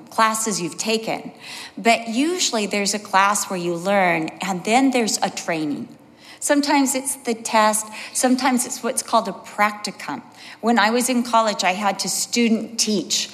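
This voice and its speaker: A middle-aged woman giving a sermon as a Bible teacher, telling personal stories and acting out the quotes. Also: medium pitch. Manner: personal storytelling with acted quotes. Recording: long hall reverb.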